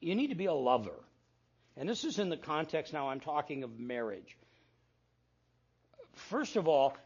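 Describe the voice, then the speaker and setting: Older male pastor with a raspy, gravelly voice. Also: a little high, lo-fi sound. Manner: storytelling with quoted dialogue, self-deprecating asides. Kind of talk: sermon.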